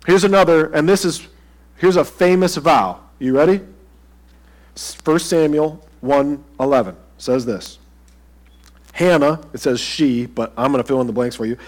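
A man's voice: fairly high pitch, a little slow. A pastor preaching a sermon to his congregation in a conversational way, asking them direct questions.

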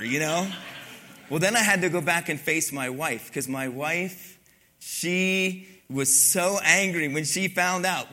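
A middle-aged male pastor preaching a sermon, telling a story with lively raised quoted lines before reading scripture. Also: high-pitched, unhurried.

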